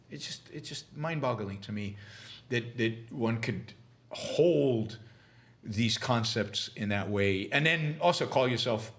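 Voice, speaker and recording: A middle-aged man hosting a livestream, answering viewer questions in a halting, argumentative way with many restarts. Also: mid-range voice, a bit bright. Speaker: podcast host answering live questions. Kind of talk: livestream commentary and Q&A.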